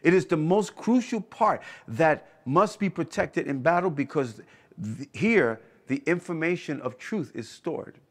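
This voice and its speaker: A man delivering a sermon in a fairly high speaking voice. He preaches with strong emphasis, repeats his key phrases and checks in with the listeners by asking whether they hear him. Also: expressive, unhurried. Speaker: pastor.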